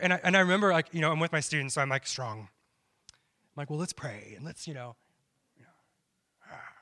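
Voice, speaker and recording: A man's voice: fairly high pitch, lively intonation, fairly quick, long pauses, sharp tone. A young man giving a personal testimony as a missionary, telling his story with quoted self-talk and many restarts. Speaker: missionary speaker.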